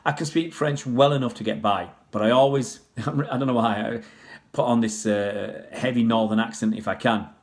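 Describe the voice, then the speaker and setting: A man's voice: medium pitch, fairly even intonation, moderate pace. A man from Pakistan, raised in England, chatting casually on a livestream and answering viewers' questions in a rambling way. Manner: rambling, chatty, many restarts and fillers.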